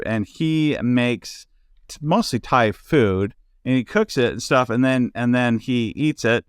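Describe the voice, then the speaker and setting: A man's voice: medium pitch, fairly bright tone, no echo, studio quality. Rambling casual male podcast host. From United States. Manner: rambling, many restarts and fillers. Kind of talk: casual chat.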